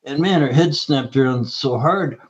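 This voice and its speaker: Male guest, animated storyteller, mid pitch, slightly muffled recording. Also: moderate pace, background noise. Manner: lively anecdotal storyteller. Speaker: guest nutritionist. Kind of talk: storytelling interview talk. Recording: slightly dull lo-fi audio.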